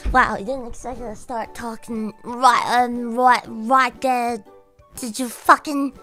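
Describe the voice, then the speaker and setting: A woman streamer with a hoarse, worn-out voice, chatting casually to her viewers, giggly, animated and swearing freely. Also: a little high, slow pace, faint music behind. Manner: animated, giggly and foul-mouthed.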